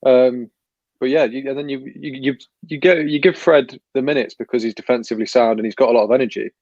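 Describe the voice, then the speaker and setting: A man on a football fan panel vents in a rambling, frustrated way, restarting his sentences. His voice is mellow and dark. The sound is dull and lo-fi, and dry. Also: medium pitch, fairly even intonation, fast talker, no room sound. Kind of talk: casual fan panel chat.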